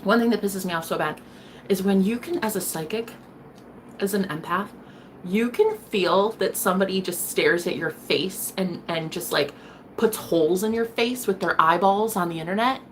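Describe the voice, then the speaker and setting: A woman talking straight to camera in a casual vlog, sassy and playful, dropping to a hush and then getting loud again. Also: mid-range voice, normal speed, a little hiss or hum. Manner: sassy, playful, swings between loud and hushed. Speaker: vlogger.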